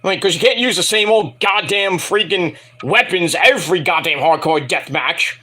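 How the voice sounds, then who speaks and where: A man's voice: high voice, normal speed, bright, forceful tone, husky. A man reviewing a wrestling show in a casual, profane, rambling and jokey solo commentary.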